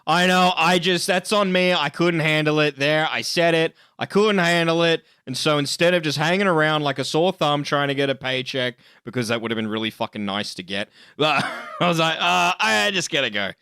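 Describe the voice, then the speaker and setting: A man's voice: fairly high pitch, moderate pace, few pauses, bright, forceful tone, smooth, no room sound, studio quality. A man, hosting a live stream in casual chat, swearing and joking with frequent laughs. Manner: profane, joking, laughs often. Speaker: streamer host.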